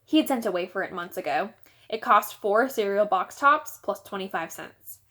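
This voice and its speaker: A woman teacher reading a children's novel aloud with expressive, animated storytelling. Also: medium pitch, moderate pace.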